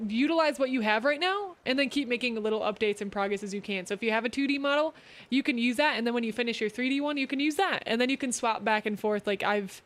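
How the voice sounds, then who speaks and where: A woman hosts a casual streamed talk, reading chat questions aloud and answering them with encouraging advice. Her voice sits a little higher than usual. She sounds like she is talking into a streaming mic. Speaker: host.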